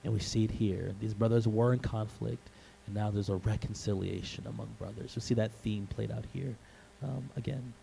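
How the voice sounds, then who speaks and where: A male pastor preaching a sermon in a church, telling the story in an animated way and acting out the scenes. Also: lowish voice, moderate pace, vocal fry, few pauses, a little hiss or hum, poor audio.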